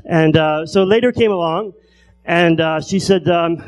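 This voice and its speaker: A man doing stand-up comedy who stutters, telling stories with repeated word starts and long pauses. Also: fairly high pitch, low-quality recording. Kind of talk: stand-up storytelling.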